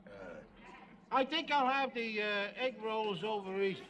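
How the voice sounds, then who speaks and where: An actor playing a blustering, wisecracking middle-aged working-class husband in a 1970s sitcom, gruff and ungrammatical. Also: male voice, sits high, moderate pace, sharp tone. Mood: joking. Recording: noisy sitcom audio with laugh track.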